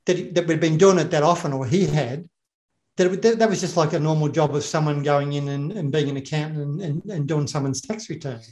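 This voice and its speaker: A man's voice: a little high, fairly quick, a little mellow. Rambling Australian man in an echoey room. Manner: rambling, repeats words and acts out quotes. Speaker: former bomb technician. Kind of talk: casual storytelling chat.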